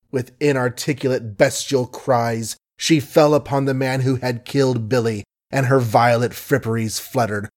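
Man, audiobook narrator, measured, wry asides, ordinary mid-range pitch. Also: steady tone. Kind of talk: scripted literary narration.

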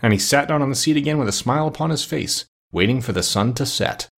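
A male audiobook narrator reading a children's novel. His voice is breathy and husky at a middle pitch, with steady, even storytelling. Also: quick pace. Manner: steady storytelling, lively shifts for characters.

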